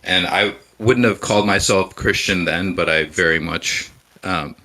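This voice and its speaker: A man speaking as a guest on a live show, giving measured, reflective answers with frequent pauses and restarts. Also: low voice, pushed and bright, rough recording. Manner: hesitant, with frequent ums and restarts.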